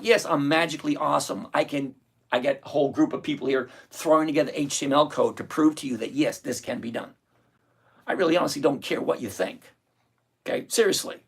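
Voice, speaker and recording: Husky animated older man host. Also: fairly high pitch. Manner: animated, defiant, brags and teases viewers. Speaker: trading livestream host. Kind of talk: live screen-share walkthrough.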